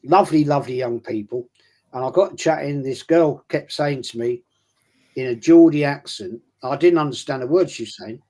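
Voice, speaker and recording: A man's voice: mid-range voice, moderate pace, warm tone. A man, chatting on a stream and telling long anecdotes that trip over their own restarts. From London. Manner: rambling anecdotal storyteller with frequent restarts. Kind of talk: casual chat on a live stream.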